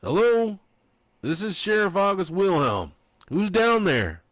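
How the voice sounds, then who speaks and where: A man's voice: high voice, big pitch swings, unhurried, a bit bright, no echo, voice pushed up, full character voice. A man voicing a callous, dismissive small-town sheriff. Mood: gruff dismissive.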